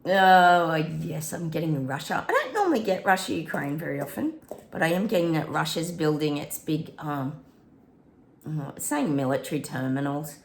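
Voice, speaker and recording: A woman's voice: low-pitched, expressive, normal speed, vocal fry, roomy sound. A woman hosting a psychic prediction channel, chatting casually to viewers, breaking into bits of song and laughing often.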